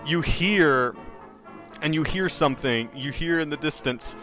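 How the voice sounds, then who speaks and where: A man's voice: a little high, measured pace, music in the background. A man narrating a tabletop horror game as game master, rambling and descriptive with many fillers.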